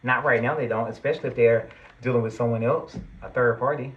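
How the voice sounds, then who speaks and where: A man's voice: mid-range voice, fairly even intonation, brisk, dull audio. A man giving a tarot reading to his viewers, earnest and reassuring, at times getting worked up and emphatic. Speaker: tarot reader.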